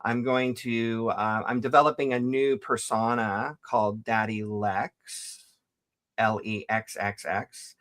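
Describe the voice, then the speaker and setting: A man's voice: fairly low pitch, little pitch movement, slow, a bit bright. An older man from the Ozarks with a Southern accent, hosting a casual, playful chat. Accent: Southern American (Ozarks). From Ozarks, USA. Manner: playful, chatty, laughs easily. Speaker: host.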